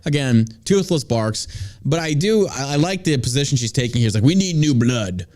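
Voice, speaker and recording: Heated, animated male podcast host. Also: medium pitch, fairly quick. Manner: ranting, profane, heated. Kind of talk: casual political commentary.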